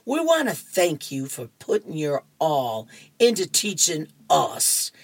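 A woman voicing a young schoolboy earnestly thanking his teacher, in an even, unhurried read. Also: sits low, no room sound, exaggerated voice.

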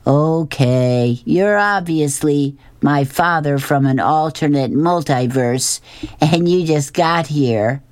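A woman's voice: deep voice, slow pace, a little mellow, no room sound, clean studio sound, pitched above the performer's own voice. A woman voicing a cheeky, cynical young boy, teasing and sing-song.

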